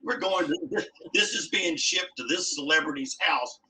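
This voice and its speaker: A man's voice: fairly high pitch, normal speed, sharp tone. A man who is a podcast guest and martial arts instructor, chatting with a wry, joking manner. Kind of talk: casual podcast conversation. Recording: distant from the mic.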